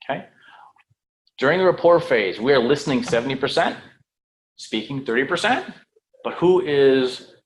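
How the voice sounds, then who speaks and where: A man teaching real estate sales in a room with an audience, lively, checking in with "right?" and "okay?" and acting out phone calls. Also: mid-range voice, a little hiss or hum, rough recording. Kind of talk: live sales training talk.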